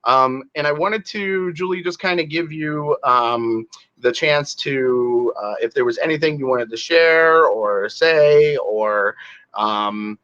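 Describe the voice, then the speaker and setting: A man's voice: mid-range voice, slow pace, fairly bright tone, dull audio. A man from the northern United States hosting a webinar, joking and rambling with lots of fillers. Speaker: webinar host. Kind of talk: casual chat.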